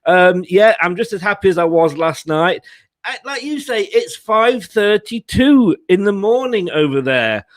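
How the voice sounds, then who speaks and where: A man hosts a football fan channel's live stream in a loose, chatty way. He jokes and laughs often between his remarks. His voice sits a little high for a man. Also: expressive, a little slow. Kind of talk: casual live-stream chat.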